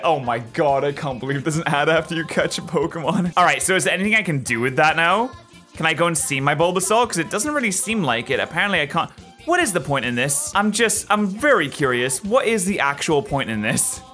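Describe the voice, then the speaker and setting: A bright, high-pitched man rattles through jokey gameplay commentary, his voice swinging wildly up and down. He is excitable and yells at every win. Faint game music plays behind him. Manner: excitable, jokey, yells at wins, mock-slow reading. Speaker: gaming YouTuber.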